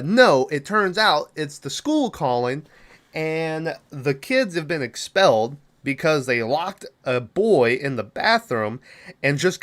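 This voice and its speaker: A young man hosting a podcast, retelling a horror film's plot in a loose, profane way with quick quoted asides. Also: a little high, a bit bright. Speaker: podcast host. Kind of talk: casual movie recap.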